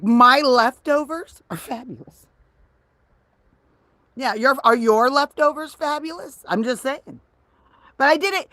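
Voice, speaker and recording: A woman in her fifties chatting casually on a livestream, brash and profane, rambling from low mutters to loud excited bursts. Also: no echo. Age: 50s. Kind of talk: casual livestream chat with viewers.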